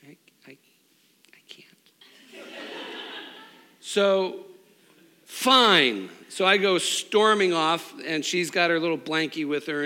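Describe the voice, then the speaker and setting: A middle-aged man preaching a sermon, telling a personal story with restarts and swings between loud and hushed. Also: a little high, clean tone. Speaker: pastor. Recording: long hall reverb.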